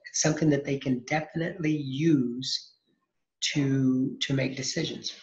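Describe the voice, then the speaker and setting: Over an echoey, dull lo-fi recording, a mid-range male accounting instructor gives a lecture, explaining things step by step. He frequently restarts and asks questions only to answer them himself.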